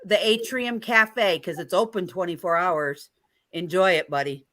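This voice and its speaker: A woman's voice: lowish voice, measured pace, fairly bright tone. A woman hosting a casual live-stream chat. She is chatty and encouraging and asks her guests lots of questions.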